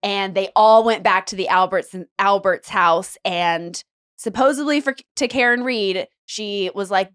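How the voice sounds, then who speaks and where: A woman in casual podcast chat, telling a crime story in animated detail and acting out the people in it. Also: mid-range voice, moderate pace.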